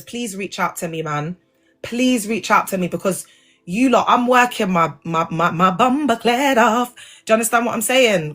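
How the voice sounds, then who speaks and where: A woman with a slightly high, fairly bright voice hosts a casual livestream, talking animatedly in slang directly to her viewers. She is a former church member.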